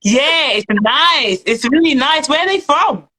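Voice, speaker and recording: A woman's voice: high voice, animated, a little slow, sharp tone, low-quality recording. A British woman hosting a casual live-stream chat, talking in a chatty, effusive, slangy way. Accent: British English. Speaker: host.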